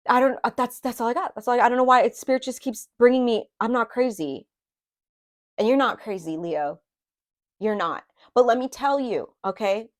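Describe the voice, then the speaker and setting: A woman's voice: fairly high pitch, brisk. Rambling, confiding woman tarot reader. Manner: rambling and confiding, with many fillers and restarts; emotionally open, talks about her own feelings. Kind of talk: casual spoken tarot reading.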